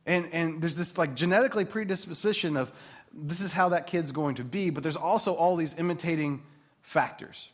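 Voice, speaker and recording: Male pastor, 30s, chatty animated sermon delivery, slightly higher voice. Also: fairly quick. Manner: conversational, animated preaching with asides.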